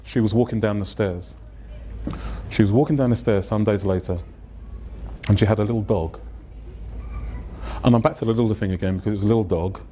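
A man's voice: lowish voice, fairly quick, long pauses, dark tone, slight background noise. A man with an English accent, a pastor preaching a humorous storytelling sermon in a church. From England. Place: church sanctuary.

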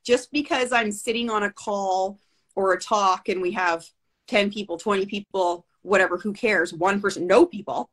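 Chatty breathy woman on a video call. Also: mid-range voice, moderate pace. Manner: chatty, animated storytelling with asides. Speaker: guest with Bell's palsy. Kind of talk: casual video-call interview.

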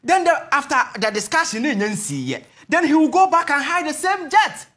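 A man's voice: very high voice, sing-song, normal speed, fairly bright tone. A Ghanaian man giving heated political commentary on a talk show, emphatic and repeating his points, mixing in Twi phrases.

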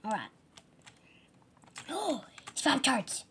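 A woman talks through a game role-play in a slow, sneaky mutter, half to herself. Her voice sits high and bright. Faint keyboard clicks tick behind her. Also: big pitch swings, vocal fry, a little hiss or hum. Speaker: gamer.

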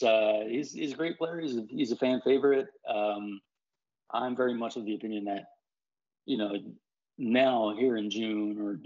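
A man talking baseball as a reporter in a casual chat. He speaks haltingly, with many fillers and restarts. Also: fairly low pitch, darkish tone, muffled recording.

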